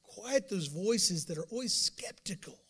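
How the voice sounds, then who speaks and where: A man with a notably high speaking voice preaches a sermon as pastor. He talks to his congregation in a conversational way, mimicking doubters, then rises into sudden emphatic bursts and calls out to the room. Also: animated, unhurried, fairly bright tone, slightly rough.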